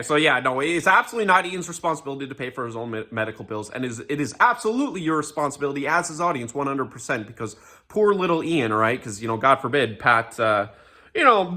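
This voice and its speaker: Young male ranter, bright and lively delivery, sneering sarcasm, swears freely, casual commentary. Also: fairly high pitch. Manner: sarcastic, profane, mocking, with frequent fillers and restarts.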